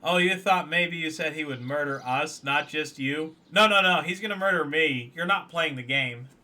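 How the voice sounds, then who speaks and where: A man's voice: fairly high pitch, moderate pace, sharp tone. A man casually commentating a game on a live stream, joking and teasing a viewer.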